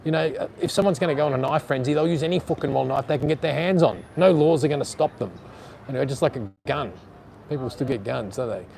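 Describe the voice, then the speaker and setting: A man's voice: mid-range voice, fast, creaky, a little mellow, a little hiss or hum. An Australian man live streaming outdoors in a city on a phone gimbal, rambling bluntly and swearing casually while reading out chat comments.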